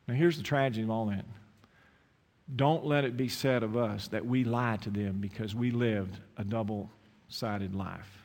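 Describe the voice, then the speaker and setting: A man's voice: mid-range voice, moderate pace. Preaching man in a reverberant church. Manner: storytelling, rising to animated emphasis. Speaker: pastor. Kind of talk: sermon with closing prayer. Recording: long hall reverb.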